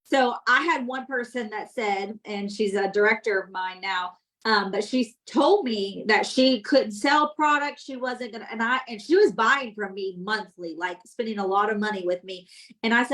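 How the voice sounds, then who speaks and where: A woman's voice: on the high side, normal speed, poor audio. A woman coaching her sales team with energy, repeating points and checking that everyone follows. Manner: energetic, repeats points, asks "does that make sense?". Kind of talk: teaching sales tips to a team.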